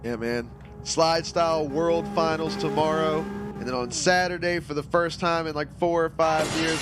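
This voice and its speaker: A man's voice: on the high side, moderate pace, few pauses, loud music behind the voice. A tired man casually chatting as a game streamer, reading viewers' comments aloud. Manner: laid-back, chatty, reads chat aloud. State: tired, yawning. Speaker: streamer hosting a racing game community. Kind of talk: casual live-stream chat.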